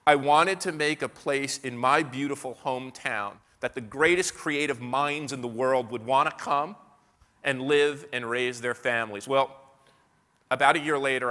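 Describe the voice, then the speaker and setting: An American man tells an anecdote from the stage in a clear, bright voice, often restarting and repeating words. His talk rings with the long reverb of a big hall. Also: mid-range voice. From United States. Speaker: keynote speaker. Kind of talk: storytelling lecture to a live audience. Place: large hall at an evening business event.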